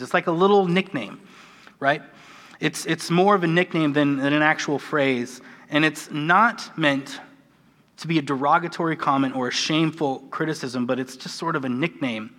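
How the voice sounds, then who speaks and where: A man's voice: fairly high pitch, a bit bright. An American man preaching a conversational, earnest sermon, with a self-deprecating manner. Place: church sanctuary. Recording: church hall with long reverb.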